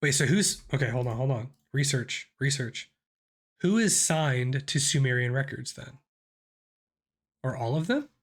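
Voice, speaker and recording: A man's voice: medium pitch, a little slow, breathy edge. A man in his thirties with a sick voice, hosting a casual music reaction and thinking aloud with many restarts. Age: 30s.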